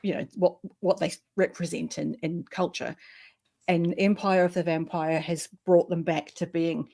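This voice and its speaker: A woman's voice: lowish voice, level tone, moderate pace, gravelly, warm tone. Chatty New Zealand woman hosting. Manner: chatty and enthusiastic, laughs easily. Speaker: booktube host. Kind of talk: casual video chat.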